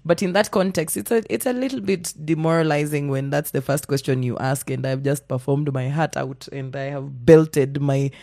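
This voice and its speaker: A woman's voice: deep voice, normal speed, few pauses, no echo, studio quality. A woman with a Kenyan accent, a guest in a casual conversation, telling stories animatedly and slipping into Swahili. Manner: animated storyteller, mixes in Swahili, acts out quotes.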